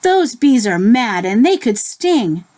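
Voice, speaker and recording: A woman voicing a small, easily frightened boy raccoon in a children's storybook read-aloud, in a high, squeaky, frightened voice. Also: big pitch swings, slow, warm tone. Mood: worried. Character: scared little boy raccoon.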